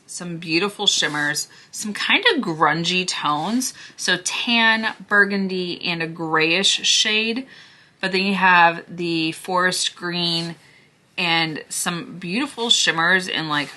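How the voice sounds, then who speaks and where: Woman vlogger losing her voice, kinda hoarse, lowish pitch, gushy makeup chat, goes all hushed sometimes. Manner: chatty, gushing, drops to a hushed near-whisper over swatches. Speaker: beauty vlogger. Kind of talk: casual makeup declutter chat.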